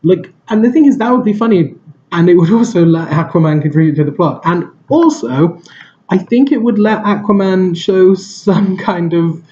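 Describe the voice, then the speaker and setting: A man's voice: sits high, moderate pace, warm tone, dull audio. A man giving a casual film review, rambling and hesitant, with lots of fillers and restarts.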